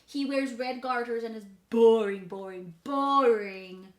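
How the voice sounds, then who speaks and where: With a creaky, fairly bright mid-range voice at normal speed, a woman dramatically reads a storybook character: a precocious, mischievous six-year-old girl who makes her home in a hotel. The echoey recording captures her playful, chatty, boastful child monologue delivered matter-of-factly.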